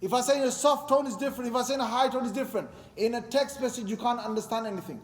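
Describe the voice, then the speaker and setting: Quick, high-voiced male preacher, emphatic, keeps questioning the crowd, long hall reverb. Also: slight background noise. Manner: emphatic, quizzes the audience with repeated questions. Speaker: religious teacher. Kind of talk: sermon to a congregation. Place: mosque hall.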